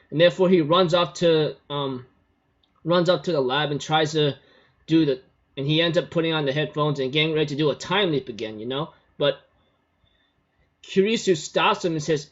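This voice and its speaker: A man's voice: fairly high pitch, normal speed. A man casually recapping a story in a rambling way, full of fillers, on a dull lo-fi recording.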